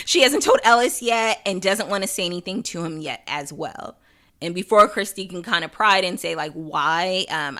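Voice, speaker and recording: A woman's voice: fairly low pitch, sharp tone. A young woman hosting a podcast, chatting casually through an episode recap, laughing often and acting out quotes. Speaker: podcast host.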